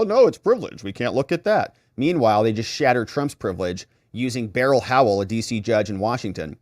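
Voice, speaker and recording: A middle-aged male legal commentator walks through a day in court, slipping into the voices of the judge and the attorneys. His delivery swings widely in pitch and drips with sarcasm. The recording is dry and close, with no room sound. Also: dry recording. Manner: animated, acts out quoted lawyers and judge in shifting voices; sarcastic asides.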